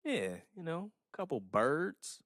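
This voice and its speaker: A man co-hosting a podcast in casual, joking banter, laid-back and swinging between loud and mumbled. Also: a little high, very animated, slow pace, no echo, clean studio sound. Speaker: podcast co-host.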